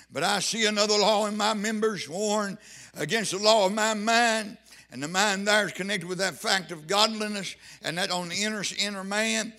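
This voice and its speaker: Fervent high-voiced preacher. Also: male voice. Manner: fervent, rising to shouts and sung phrases. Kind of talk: revival sermon.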